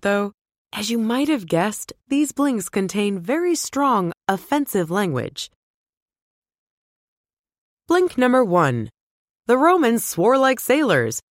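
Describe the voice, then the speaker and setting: A woman narrating a scripted book summary in an even, clear reading voice. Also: mid-range voice, no echo, studio quality.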